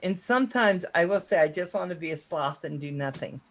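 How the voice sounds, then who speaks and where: A man's voice: a little high, lively intonation, fairly quick, fairly bright tone. A man hosting a casual online chat show, talking in a rambling, chatty, self-deprecating way. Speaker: host.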